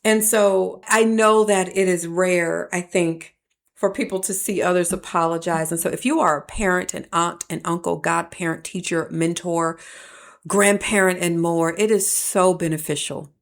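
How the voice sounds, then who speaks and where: A woman with a lowish voice delivers a reflective podcast monologue at a moderate pace, telling personal stories and slipping into animated voices whenever she quotes someone. She comes across like a professor passing lessons on to listeners.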